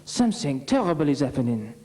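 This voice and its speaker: A man's voice: a little high, very animated, fast talker, a little mellow, big-room sound. A man voicing an anxious little French boy who reports trouble to his mother in an urgent rush. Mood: alarmed.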